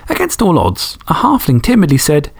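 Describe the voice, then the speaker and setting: A man's voice: a little high, huge pitch swings, moderate pace, gravelly, breathy edge. A man hosting a podcast, reading fan stories and chatting enthusiastically, swearing casually. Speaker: podcast host.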